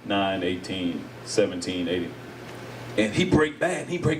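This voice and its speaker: A man's voice: sits low, measured pace, far from the mic, noisy background. A middle-aged man doing stand-up comedy with crowd work on stage, laughing often and acting out voices. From United States. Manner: animated, laughs often, acts out voices of others. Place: live comedy venue with audience.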